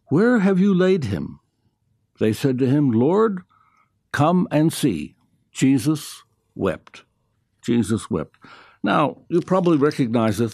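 A man's voice: mid-range voice, a little mellow, no echo, studio quality. A man with a South African accent gives a conversational radio Bible teaching, repeating key phrases and asking rhetorical questions.

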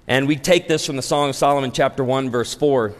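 A pastor in his forties preaching a humorous, story-driven sermon to a live audience, animated and acting out dialogue. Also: mid-range voice, fairly quick. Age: 40s. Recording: long hall reverb.

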